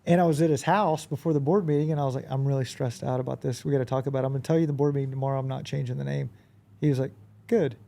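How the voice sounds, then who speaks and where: Gravelly-voiced man telling stories. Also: medium pitch, rapid-fire. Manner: animated anecdotes, frequent fillers and quoted dialogue. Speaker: podcast guest, business owner. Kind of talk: casual conversational storytelling.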